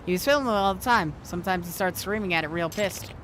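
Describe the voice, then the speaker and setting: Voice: mid-range voice, fast talker, noisy background. A streamer casually reading video game dialogue aloud, with wry asides.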